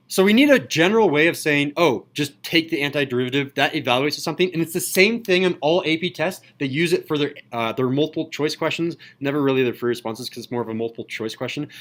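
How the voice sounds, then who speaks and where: A man teaching a high school calculus class, lively and enthusiastic, often checking in with students. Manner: enthusiastic, asks students questions. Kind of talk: classroom lecture.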